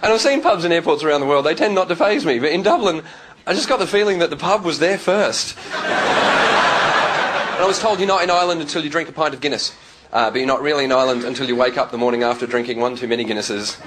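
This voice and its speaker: An Australian man doing stand-up comedy on a club stage, telling stories with quick character voices. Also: fairly high pitch, heavy background noise. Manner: lively storytelling, slipping into quick character voices. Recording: live club recording with loud crowd. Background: loud audience laughter.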